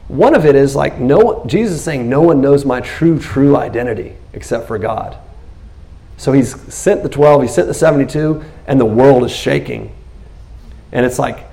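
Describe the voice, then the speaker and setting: Man pastor, gravelly voice, lively sermon full of acted-out quotes. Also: medium pitch. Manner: animated preaching, acts out biblical scenes in quotes.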